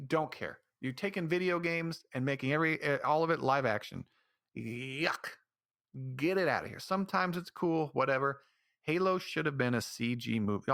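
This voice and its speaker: A man's voice: mid-range voice, vocal fry, fairly bright tone, no echo, studio quality. A man hosting a solo podcast, speaking in a rambling, ranting way with many restarts. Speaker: podcast host. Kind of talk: casual solo commentary.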